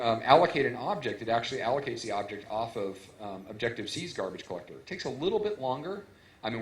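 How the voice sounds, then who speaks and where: A lowish-voiced man speaks at a conference, walking through technical details in a loose, conversational way. He talks with many fillers and restarts into a stage microphone. His voice rings out in a roomy hall. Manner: casual, filler-heavy explaining with frequent restarts.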